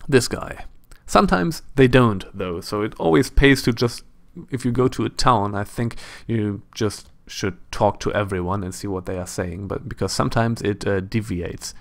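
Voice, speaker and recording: A man's voice: lowish voice, moderate pace, creaky, few pauses. A man with a German accent giving chatty, casual gameplay commentary as he plays, thinking aloud and adding self-deprecating asides. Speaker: let's play host.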